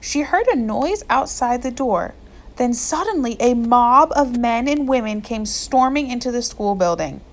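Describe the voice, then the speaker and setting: A woman reading a novel aloud in steady storytelling narration. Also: on the high side, measured pace. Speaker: audiobook reader.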